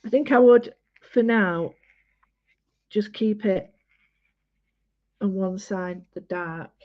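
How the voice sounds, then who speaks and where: Woman, unhurried painting tutor, rambling and halting, dull lo-fi home recording. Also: medium pitch. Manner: chatty, halting, many fillers. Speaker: art tutorial host. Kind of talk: casual painting demonstration.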